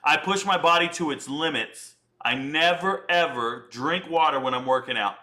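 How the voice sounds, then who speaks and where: A man's voice: fairly high pitch, normal speed, pushed and bright. A man hosting a casual livestream chat, joking and boasting in slangy talk. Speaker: livestream host.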